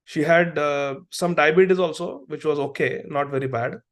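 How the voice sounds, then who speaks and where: This is a middle-aged man teaching a devotional class, and his speaking voice sits on the high side. He talks earnestly and builds his points through stories from his work as a doctor. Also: normal speed, fairly bright tone. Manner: earnest, storytelling with acted quotes. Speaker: preacher and physician.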